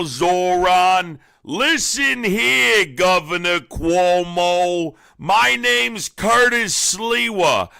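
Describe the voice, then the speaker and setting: A loud, bossy old New York politician. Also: male voice, high-pitched, vocal fry, clear, resonant tone, dry recording, studio quality, voice pushed up, exaggerated voice. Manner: slow, drawn-out, hectoring. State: hoarse.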